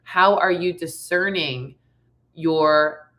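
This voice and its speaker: A young woman hosts a casual spiritual vlog with a raspy voice, still hoarse after laryngitis. Her tone sits low yet bright and forward, and she talks upbeat, chatty and slangy. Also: extremely slow. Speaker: tarot reader and singer.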